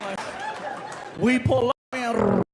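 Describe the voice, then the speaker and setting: A man telling a stand-up story on a club stage with a handheld mic, animated and acting out voices. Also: extremely high pitch, slow pace, gravelly. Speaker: stand-up comedian. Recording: loud laughing crowd, noisy club.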